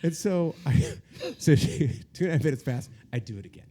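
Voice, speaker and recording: Warm, animated male storyteller. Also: fairly high pitch, fairly quick. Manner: animated, self-deprecating, laughs often. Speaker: podcast guest. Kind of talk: casual storytelling. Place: podcast set at a magazine office.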